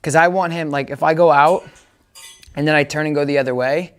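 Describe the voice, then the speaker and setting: A man's voice: fairly high pitch, steady tone, a little fast, clear, resonant tone. Chatty man explaining dog training. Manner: chatty, explains step by step, often checks understanding. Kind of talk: casual outdoor training demonstration.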